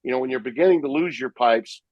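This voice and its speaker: A man, a sports broadcaster, telling lively stories about calling games in a podcast interview. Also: medium pitch, fast, no echo, dull audio. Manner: animated, vivid storyteller who acts out his own play calls. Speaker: sportscaster guest.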